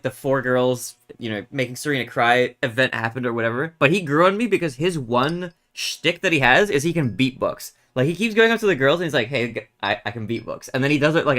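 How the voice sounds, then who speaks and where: Young adult male streamer, mid-pitched, bright tone, chatty and meandering. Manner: rambling, animated retelling with many fillers. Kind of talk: casual chat while gaming.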